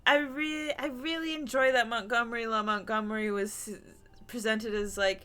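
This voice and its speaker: A woman voice actor chatting casually while streaming a game, animated, laughing often and swearing freely. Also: on the high side, normal speed, smooth. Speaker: streamer playing a narrative game. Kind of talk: casual chat and reading game text aloud.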